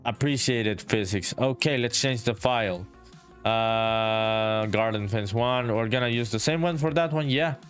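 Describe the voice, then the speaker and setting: On a game-development livestream, an indie developer from Honduras chats casually while working, reading viewer messages aloud and saying "dude" a lot. His medium-pitched voice is unhurried, a bit bright and fairly even in intonation, with soft music playing behind him. His manner is laid-back throughout.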